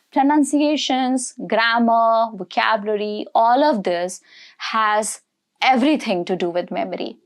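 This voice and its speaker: A woman's voice: medium pitch, darkish tone. A woman with an Indian accent giving a direct-to-camera English lesson, emphatic and full of "all right?" check-ins. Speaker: English teacher.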